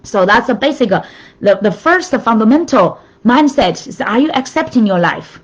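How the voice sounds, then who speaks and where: A fairly high-voiced woman gives an earnest motivational talk, pressing her points home by saying key phrases again and again. The sound is muffled and lo-fi. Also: expressive, normal speed, breathy edge. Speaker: host of a weekly motivational show. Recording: dull lo-fi sound.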